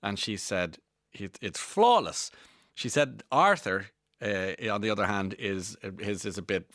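A man's voice: lowish voice, moderate pace, pushed and bright, no echo, studio quality. A man with an Irish accent hosting a radio interview in a chatty, friendly way, often restarting his sentences. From Ireland. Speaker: radio host. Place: radio studio.

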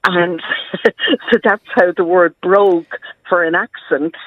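A woman's voice: lowish voice, fairly even intonation, a little slow, no room sound. An Irish woman historian, a guest on a radio interview, talking in a chatty, enthusiastic way and laughing often, heard over a tinny phone line.

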